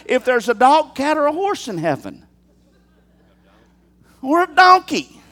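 A male pastor preaching a sermon in an animated way, throwing rhetorical questions at his congregation and calling out to them. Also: very high-pitched, measured pace.

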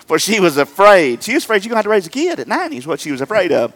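A middle-aged man preaching a humorous sermon, jumping between loud emphatic lines and quiet joking asides. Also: high-pitched, big pitch swings, racing, few pauses. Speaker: pastor.

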